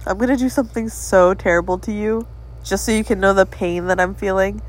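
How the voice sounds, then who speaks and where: A woman's voice: mid-range voice, steady tone, a little fast, rough recording. A woman co-hosting a casual podcast, playful and whiny, making mock threats at her co-host. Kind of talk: casual chat.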